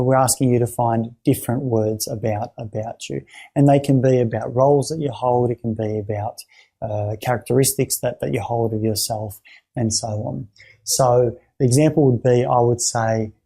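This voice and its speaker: A man explaining a therapy exercise to fellow clinicians, halting often to repeat words and restart his sentences. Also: mid-range voice, dark tone, husky. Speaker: therapy trainer.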